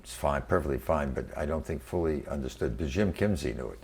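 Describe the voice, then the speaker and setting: A man in his eighties from New York City, recalling his career in a halting oral history interview full of fillers and restarts. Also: extremely low pitch, vocal fry, a little mellow, slight background noise. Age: 80s. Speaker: interviewee, venture capitalist. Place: quiet room.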